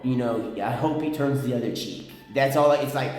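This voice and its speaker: A man's voice: normal speed, darkish tone, faint music behind. Rambling man in an echoey hall. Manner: rambling, restarts, drops to low intense tone. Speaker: vlogger. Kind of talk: rambling storytime monologue.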